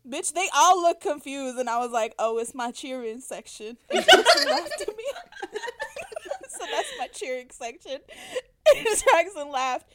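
High-voiced woman telling stories. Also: measured pace, slight background noise. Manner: animated, swears freely, acts out quotes. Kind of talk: casual storytelling chat.

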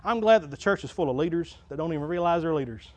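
High-voiced pastor preaching. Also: male voice, expressive, quick pace. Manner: folksy, builds to loud preaching crescendos then drops low. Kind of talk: sermon. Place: church sanctuary.

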